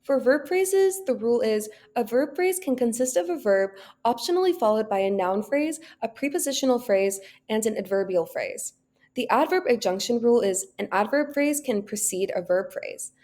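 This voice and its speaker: A young woman giving a class presentation in a steady, read-aloud manner. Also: fairly high pitch, normal speed. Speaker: student presenter.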